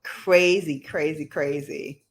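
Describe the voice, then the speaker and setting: A woman's voice: sits low, steady tone, slow. A woman hosting a casual livestream, chatting in a rambling way, laughing often and reading out viewer comments. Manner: reads viewer comments aloud. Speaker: livestream host. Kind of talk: casual live chat.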